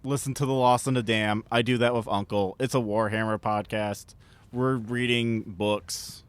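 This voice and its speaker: A man's voice: fairly low pitch, fairly even intonation, moderate pace, clean tone. A man hosting a podcast, talking casually in a playful, teasing way. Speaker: podcast host. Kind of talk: casual chat.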